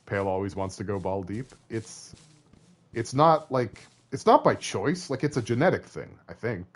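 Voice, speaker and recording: A man's voice: lowish voice, expressive, moderate pace. A young man from Canada, streaming a story game, chatting and joking with his viewers. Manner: joking and chatty, talks to chat. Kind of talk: reading a story game aloud on a live stream. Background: faint game music.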